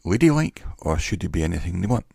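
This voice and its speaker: Very deep, slow, gravelly male teacher. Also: fairly even intonation, a little mellow, no room sound, studio quality. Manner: measured, reflective, pausing often between phrases. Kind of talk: educational monologue.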